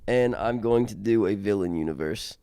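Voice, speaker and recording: A man's voice: on the low side, normal speed, mellow, smooth, no echo, studio quality. A man co-hosting a podcast in casual chat, reacting briefly and laughing, then laying out his own ideas. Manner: laid-back listener, short reactions and laughs. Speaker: podcast co-host.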